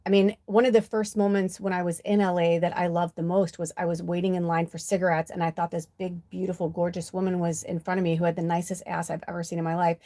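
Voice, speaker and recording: Speaking quickly with a flat delivery and barely any pauses, this US woman in her 50s has a warm voice on the low side. A spiritual medium and oracle card reader, she tells chatty, heartfelt, wandering stories during a casual livestream.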